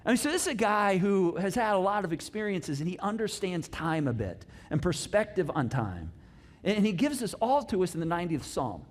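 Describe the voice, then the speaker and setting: A man with a fairly high voice delivers a sermon as pastor in a church auditorium. He tells the story in a loose, conversational way, full of playful asides, and acts out what the characters say. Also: big pitch swings, a little fast. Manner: casual storytelling with playful asides and acted-out dialogue.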